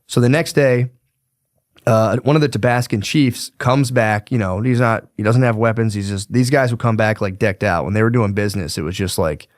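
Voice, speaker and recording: Young male podcaster, low voice, dry close mic, slangy and swearing storyteller. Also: normal speed, no echo. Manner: profane, slangy, rambling with fillers. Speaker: podcast host. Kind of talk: casual history storytelling.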